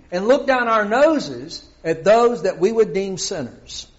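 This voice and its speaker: A man's voice: high-pitched, muffled recording. A middle-aged man preaching a sermon, often asking his congregation questions.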